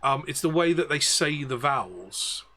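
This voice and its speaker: Bright-voiced chatty male game master. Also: fairly high pitch, animated, moderate pace. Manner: chatty, explanatory, rambling. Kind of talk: casual out-of-game chat.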